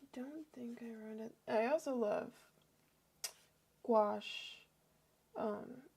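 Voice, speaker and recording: A young woman chatting casually on a livestream as she paints, self-deprecating and often dropping into soft near-whispers. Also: on the high side, takes it slowly, creaky, breathy edge. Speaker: art livestreamer.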